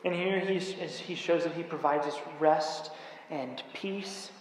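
A man preaching a sermon in a church, measured and emphatic, pausing on key words. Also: a little high. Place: church sanctuary. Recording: very echoey church hall with faint hiss.

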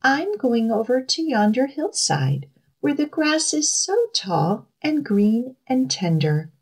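A woman voicing a tiny, timid young billy goat with a small, high, pleading voice. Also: very animated, slow pace, darkish tone, slightly rough, full character voice. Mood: meek.

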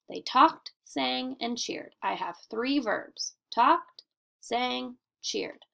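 A woman teacher giving a recorded grammar lesson for children in a slow, deliberate, sing-song classroom manner with emphatic questions. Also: a little high, animated, gravelly, bright, forceful tone.

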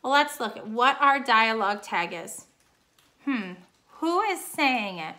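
Bright-voiced woman teaching a grammar lesson. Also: a little high, very animated, measured pace. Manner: patient, explains step by step. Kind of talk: recorded online grammar lesson.

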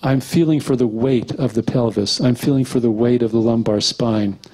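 Relaxed rambling male bodywork lecturer. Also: medium pitch, moderate pace. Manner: relaxed, rambling, acts out quotes. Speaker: structural integration teacher. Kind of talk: casual lecture with anecdotes.

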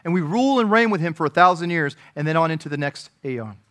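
Earnest higher-voiced preaching man. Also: animated, fast. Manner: earnest preaching, rising to emphatic peaks and dropping to quiet asides. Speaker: pastor. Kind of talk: sermon.

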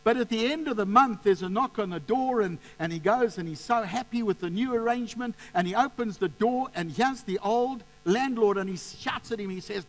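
A man preaching a sermon with a notably high voice. He tells stories with passion and often repeats words as he works up to his point. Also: a little fast, hardly any pauses, poor audio. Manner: impassioned storytelling with many repeated words.

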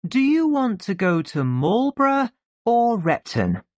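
A storybook reader voicing a calm mother asking a simple question. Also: medium pitch, a little slow, no room sound, voice pushed up.

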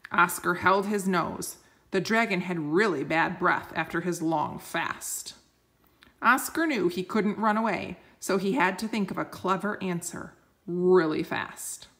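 A woman reading a picture book aloud slowly and gently, explaining words for children. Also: lowish voice. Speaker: storyteller.

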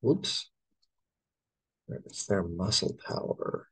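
Slow, gravelly American male English teacher. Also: on the low side, low-quality recording. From United States. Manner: slow, spells words letter by letter. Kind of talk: spelling out test answers.

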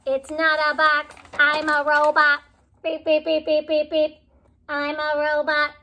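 A woman doing an excitable little rabbit. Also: sits high, a little slow. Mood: excited, playful. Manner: shouts sound effects and imaginary games.

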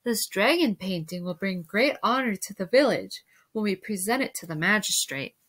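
A timid young male apprentice speaks with eager deference as a woman reads him aloud. The tone is bright in a storybook reading. He sounds admiring and polite. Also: medium pitch, expressive, normal speed. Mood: deferential.

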